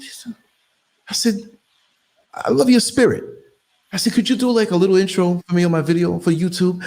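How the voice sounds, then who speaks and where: A middle-aged man from New York City hosts a podcast in an easygoing chat. His voice sits a little high and rises and falls widely. He slips into the voices of the people in his stories as he tells them. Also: a little fast. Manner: animated storyteller, acts out quoted voices. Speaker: podcast host. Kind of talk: casual conversation.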